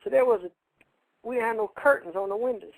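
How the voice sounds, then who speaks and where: A man with a high, gravelly voice spins a rambling yarn on a radio show, talking casually and looping back over his own phrases. His voice is close and dry, with no room around it. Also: fairly quick, dry recording, poor audio. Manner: rambling, colloquial, repeats phrases. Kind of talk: casual storytelling.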